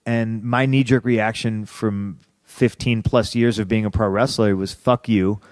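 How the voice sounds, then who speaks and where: A man in his thirties, sitting as a podcast guest, tells a story in a fairly low voice. He swears constantly and throws himself into heated, acted-out quotes. The sound is dry and close, with no room echo. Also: steady tone, unhurried, darkish tone. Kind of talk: casual storytelling in a podcast interview.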